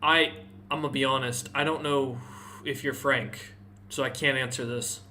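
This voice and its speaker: A man's voice: medium pitch, steady tone, bright, forceful tone, slight background noise, voice pushed down, lightly acted. A man voicing a dim-witted, docile male Dragonborn captive who answers bluntly and takes everything literally, in a tabletop game. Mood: blank, literal. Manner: blunt, literal-minded, slow questions.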